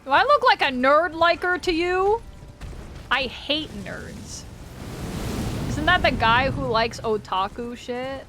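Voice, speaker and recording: A woman's voice: high-pitched, lively intonation, takes it slowly, sharp tone, a little hiss or hum. A woman streaming a game live, chatting casually with her viewers, swearing freely and laughing often. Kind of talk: casual live-stream chat while gaming.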